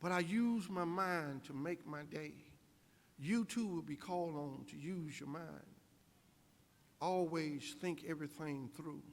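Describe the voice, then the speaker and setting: A man's voice: on the high side, creaky. An older man giving an inspirational convocation speech as guest speaker, emphatic with preacher-like repetition. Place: large convocation hall. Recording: echoey hall.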